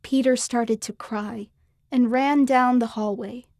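A woman narrating a children's story in a clear, expressive manner. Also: a little high, slow, dry recording, studio quality.

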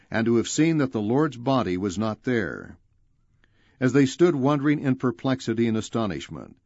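A man reading a religious book aloud in a measured, formal way, announcing page numbers as he goes. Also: medium pitch, a little mellow, dry recording, lo-fi sound. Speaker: audiobook reader.

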